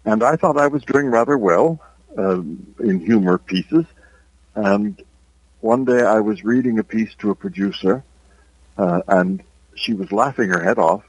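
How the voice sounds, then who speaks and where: A man's voice: lowish voice, breathy edge, no room sound, low-quality recording. An older man with an Irish accent, an author telling his story as an interview guest in a reflective, hesitant way. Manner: reflective, unhurried, with hesitant pauses.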